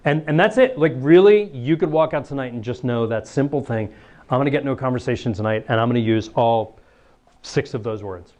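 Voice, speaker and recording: A man, a priest, giving a lively talk to students, acting out little scenes and laughing as he goes. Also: mid-range voice, a little fast. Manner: animated, acts out voices, laughs often.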